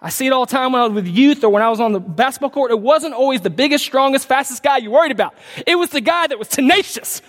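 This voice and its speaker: A man preaching a sermon as pastor, impassioned, swinging from loud emphatic peaks down to low quiet asides. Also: animated, fast, long reverb tail.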